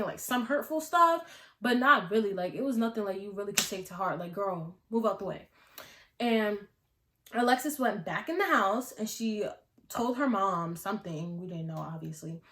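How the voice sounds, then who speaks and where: A woman's voice: a little high, fairly bright tone. A young woman vlogger telling a story in a casual, slangy way, filling her talk with "like". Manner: chatty, slangy, many "like" fillers. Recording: echoey room.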